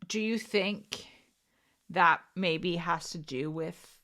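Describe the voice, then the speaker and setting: A woman's voice: on the low side, takes it slowly, fairly bright tone. A young woman co-hosting a podcast, thinking aloud in casual chat with fillers and restarts. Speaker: podcast co-host.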